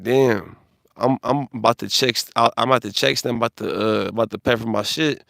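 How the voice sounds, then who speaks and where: A man's voice: lowish voice, creaky, no room sound, studio quality. A man on a phone livestream, talking in a rambling, profane way with lots of restarts.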